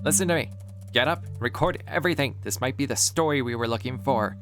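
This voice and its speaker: A man's voice: medium pitch, expressive, brisk, a bit bright, soft background music, voice pushed up, close to an everyday voice. A man voicing an urgent, pushy young friend. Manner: urgent, pleading.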